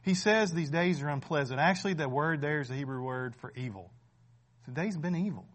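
Male preacher, forties, high-ish voice, chatty delivery that builds to emphatic peaks. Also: animated, fairly quick. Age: 40s. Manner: conversational preaching with frequent "right?", swelling to loud emphatic peaks. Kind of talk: sermon.

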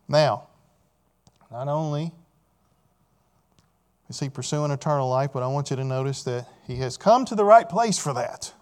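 High-voiced man preaching a sermon. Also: a little mellow. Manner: emphatic, repeats key phrases, asks the audience questions.

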